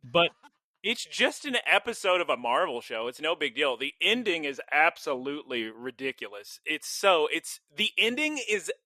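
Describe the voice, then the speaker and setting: Bright, excitable young man chatting. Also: a little high, moderate pace, no room sound. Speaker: podcast co-host. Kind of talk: casual chat.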